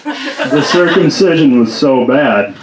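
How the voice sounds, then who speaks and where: A man working through an improvised stand-up set at a slow, halting pace, laughing at his own jokes. His voice sits mid-range. The room is echoey around him. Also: medium pitch, lively intonation, crowd noise. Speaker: stand-up comic. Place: small comedy club stage. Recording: roomy club.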